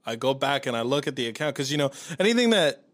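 A man in a casual chat, telling a long story in a lively way, acting out the voices of the people in it and swearing freely. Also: medium pitch, fast talker, dry recording. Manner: animated storytelling, acts out his own quotes, swears freely.

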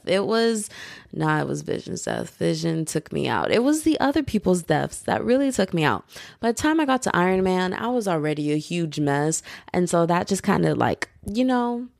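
A woman's voice: mid-range voice, vocal fry, darkish tone, no echo, clean studio sound. A young woman hosting her own podcast, chatting casually and animatedly with lots of fillers. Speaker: podcast host. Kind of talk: casual solo podcast chat.

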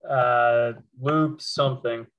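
Man co-host with a mid-range voice, excitable and rambling, heard on a slightly muffled recording. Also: medium pitch, slow. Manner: laughs often, rambling, excitable. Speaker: podcast co-host. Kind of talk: casual sports chat.

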